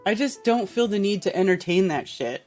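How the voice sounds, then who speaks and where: A woman's voice: mid-range voice, animated, normal speed, darkish tone, soft background music. Blunt, profane woman ranting on stream. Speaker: podcast host. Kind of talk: casual live-stream rant.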